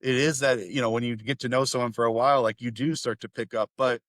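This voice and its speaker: A man hosting a podcast in casual conversation, animated and laughing often as he talks in quick bursts. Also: medium pitch, no echo. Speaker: podcast host.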